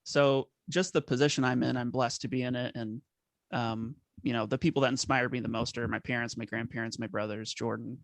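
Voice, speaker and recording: A man's voice: medium pitch, fairly even intonation, a little fast, gravelly, no echo. A man, a band member guest, talking earnestly and sentimentally in a casual interview. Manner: earnest, sentimental, laughs at himself.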